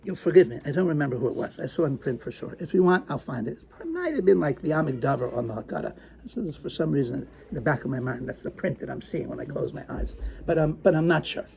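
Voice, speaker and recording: A man teaching a lesson, using Hebrew terms and acting out his stories, moving from hushed tones to excited outbursts. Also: on the high side, fast talker, gravelly, slight background noise. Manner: animated, swings from hushed to excited. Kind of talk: lecture with acted storytelling.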